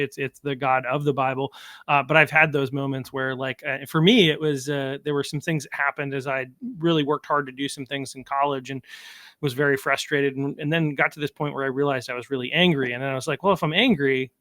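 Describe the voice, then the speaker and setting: A man's voice: fairly high pitch, sharp tone, no room sound. A man hosting a podcast in casual conversation, hesitant and stammering, with frequent restarts.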